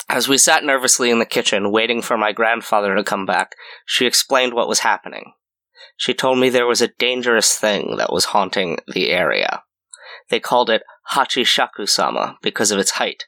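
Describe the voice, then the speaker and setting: A man narrating a scripted horror story in a measured storytelling way. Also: fairly low pitch, animated, bright, forceful tone.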